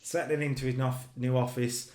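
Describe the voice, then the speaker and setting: A man talks through his wrestling management game in a casual commentary. His delivery is excitable and gushing, rushing into bursts of enthusiasm. His voice sits at an ordinary middle pitch. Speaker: let's play host.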